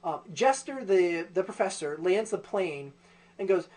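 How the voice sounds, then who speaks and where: A man's voice: high-pitched, expressive, unhurried, a little mellow. A man ranting profanely in a comedic vlog, full of ums and likes. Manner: ranting, profane, lots of fillers. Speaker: video host.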